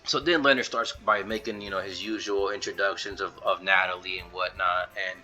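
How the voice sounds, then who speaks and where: A man's voice: low voice, steady tone, fairly quick, bright, forceful tone, faint music behind. A man casually recapping a story in a loose, rambling way full of fillers, as a video reviewer.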